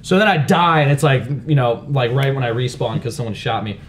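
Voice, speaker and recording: Lively joking young man, crude banter. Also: medium pitch, a little fast. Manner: crude, joking, animated storytelling. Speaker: podcast co-host. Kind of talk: casual chat.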